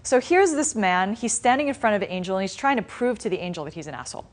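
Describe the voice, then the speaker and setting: A woman spiritual teacher giving a dharma class, retelling a story in a conversational, animated way with frequent restarts. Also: medium pitch, fast talker. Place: class in a meditation center.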